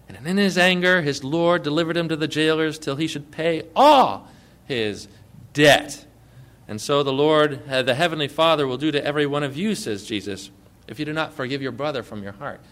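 Male pastor, fairly high voice, emphatic sermon delivery with loud stresses and hushed asides. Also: normal speed. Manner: emphatic preaching, swinging between loud stresses and quiet asides; direct questions to the congregation.

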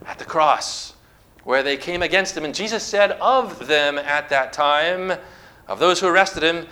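A male preacher delivers a sermon in an emphatic, declamatory way. His voice is bright and forceful, sitting a little high for a man. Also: animated, normal speed. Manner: emphatic, declamatory preaching, reading scripture aloud.

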